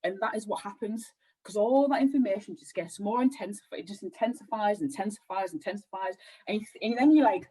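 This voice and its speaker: Podcast guest: a woman healer with a husky voice, animated and rambling. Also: mid-range voice, a little fast, low-quality recording. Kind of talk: casual podcast conversation.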